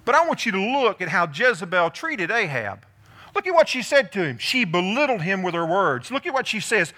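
A male pastor giving a lively sermon, asking the congregation questions and calling on people by name. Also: high-pitched, fairly quick. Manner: animated, calls on listeners by name, asks the room questions.

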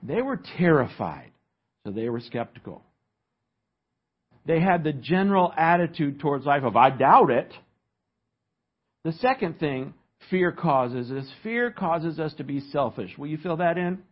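A pastor, a man, preaches an emphatic sermon in a fairly high, husky voice that swings widely in pitch. He teaches from an outline and keeps asking his listeners to fill in the blanks. The recording is dull and lo-fi. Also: lively intonation, moderate pace.

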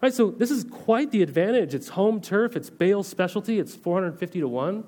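A man's voice: high voice, animated, moderate pace, a little mellow. A man pastor giving a conversational sermon, reading scripture and then explaining it in everyday terms with frequent rhetorical questions. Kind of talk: sermon teaching.

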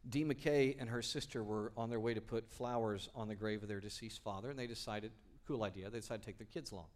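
A man preaching a sermon as pastor, enthusiastic, moving from quiet explanation to loud, emphatic peaks. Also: lowish voice, fast.

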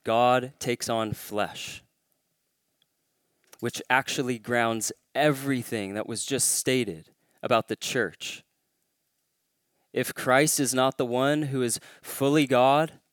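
A man's voice: mid-range voice, smooth, no room sound, studio quality. A man preaching a sermon as a pastor, pressing hard on his main points and lifting his voice to stress them. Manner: emphatic, rising to stress key claims.

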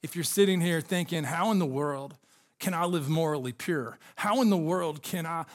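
Male pastor, high-pitched, earnest preaching with personal stories. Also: normal speed. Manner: earnest, storytelling preacher addressing congregation. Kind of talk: sermon.

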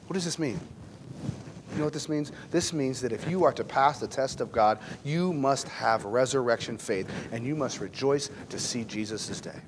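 Impassioned preacher in an echoing hall. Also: male voice, mid-range voice, moderate pace. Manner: impassioned, emphatic, swings from loud to hushed. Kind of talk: sermon. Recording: long hall reverb, faint noise.

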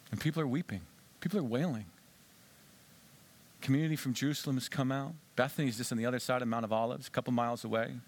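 This male preacher tells his sermon like a dramatic story, dropping to whispers and rising to shouts while questioning the congregation directly. His pitch sits in the middle and he speaks fast.

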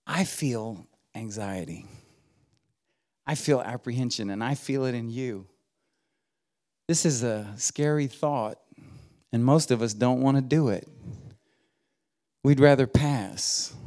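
A middle-aged man preaching from a church pulpit, his voice sitting at an ordinary middle pitch. He mixes folksy humor with mounting, emphatic exhortation. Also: darkish tone. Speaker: guest preacher. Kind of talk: sermon. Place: church sanctuary.

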